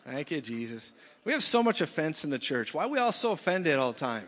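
Blunt, animated preacher in a big hall. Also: male voice, on the high side, normal speed, a little hiss or hum. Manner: animated, blunt, jokey, swings from loud to soft. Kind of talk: sermon. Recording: dull sound in a reverberant hall.

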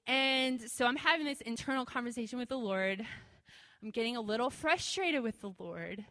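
A woman shares a testimony in an easygoing, conversational way, scattering fillers through her sentences. Her voice sits a little high and rings bright and clear. She slips into a lifted, animated voice when she acts out her own prayers. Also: normal speed, long reverb tail. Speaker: speaker sharing a testimony. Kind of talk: testimony storytelling.

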